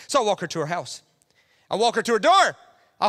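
Animated preacher in a reverberant hall. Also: male voice, high-pitched, a little fast, pauses often. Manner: animated, acts out quoted voices, restarts often. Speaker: pastor. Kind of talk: sermon.

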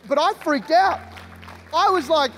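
Animated high-voiced preacher in a hall. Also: male voice, unhurried, vocal fry, slight background noise. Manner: animated, jokey storytelling with laughs. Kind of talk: storytelling sermon. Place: church hall. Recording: reverberant hall, faint music.

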